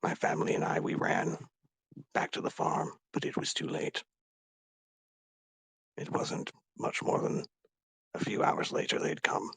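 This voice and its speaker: A man voicing a grief-stricken dragonborn warrior, confessing in a raw, halting way with whispered breaks. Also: fairly bright tone, dry recording, close to an everyday voice. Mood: grieving. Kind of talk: tabletop role-play character speech.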